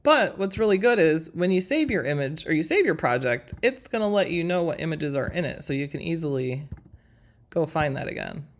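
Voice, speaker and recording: A woman's voice: deep voice, very animated, fairly quick. A woman in her forties hosting a live craft design stream, chatting with viewers as friends while she works through a tutorial. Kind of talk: live screen-share tutorial with viewer chat.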